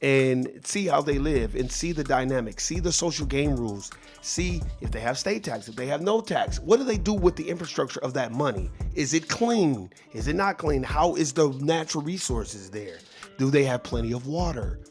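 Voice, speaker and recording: A man's voice: medium pitch, animated, normal speed, faint music behind. A man giving advice in a casual monologue, earnest and preachy, swearing freely and often repeating or restarting his words. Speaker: vlogger.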